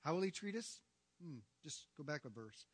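A man preaching a sermon as pastor, emphatic, swinging from hushed lines to near-shouting. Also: on the high side, lively intonation, normal speed, breathy edge. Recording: long reverb of a large hall.

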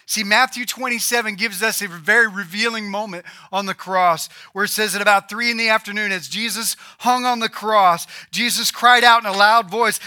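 Male preacher, high voice, very bright and sharp, dramatic loud-to-hushed sermon delivery. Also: steady tone, normal speed, few pauses, no echo, studio quality. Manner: dramatic swings from loud emphasis to near-whispered lows.

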